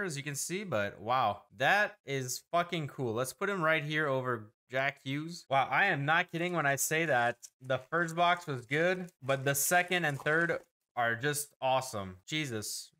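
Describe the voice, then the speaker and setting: Excitable man with a bright voice. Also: on the high side. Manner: excitable, reads player names in quick lists, frequent exclamations. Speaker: host opening hockey card packs. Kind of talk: casual card-opening commentary.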